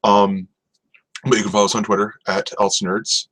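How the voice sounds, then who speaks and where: A man's voice: fairly low pitch, flat delivery, normal speed, fairly bright tone, husky, rough recording. A man hosting a casual solo podcast about TV, rambling with lots of ums and restarts. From North America. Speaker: podcast host. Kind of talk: casual solo TV review chat.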